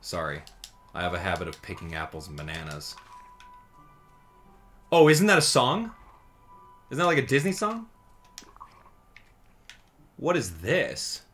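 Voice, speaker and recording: Lively low-voiced man, gameplay chatter. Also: a little slow, long pauses, soft background music. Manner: chatty, excitable, thinks aloud. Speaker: gaming channel host. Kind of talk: casual gameplay commentary.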